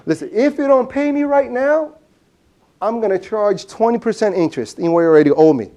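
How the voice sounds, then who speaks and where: Feed seller in a told story, voiced by a man, blunt, demanding, lively pitch. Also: fairly quick. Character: pushy male feed seller demanding payment.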